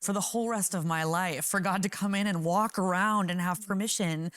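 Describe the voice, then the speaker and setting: A woman's voice: fairly low pitch, a little fast, fairly bright tone, no room sound, studio quality. A woman guest on a faith talk show, telling a personal story with earnest feeling and acting out her inner dialogue. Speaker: worship leader guest.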